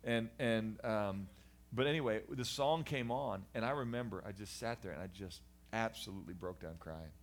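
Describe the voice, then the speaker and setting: A middle-aged man, a guest in a conversation, giving a candid personal testimony about his past in an animated, earnest way with frequent restarts. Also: lowish voice, normal speed. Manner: animated storyteller, acts out voices of people in his story. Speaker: guest sharing his life story.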